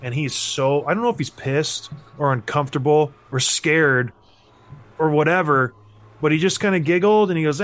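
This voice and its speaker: In a laid-back podcast conversation, a former hockey player turned host recounts a story at a moderate pace. He seems to be in his thirties and has a slightly high voice, and he imitates the people he quotes with lively swings in pitch.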